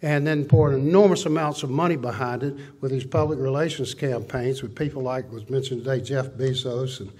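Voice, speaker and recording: An older man giving a folksy, animated conference talk, riffing through lists and anecdotes. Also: medium pitch, a little fast, hardly any pauses, slightly rough. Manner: folksy, animated storytelling with list-like riffs. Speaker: conference speaker. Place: conference hall.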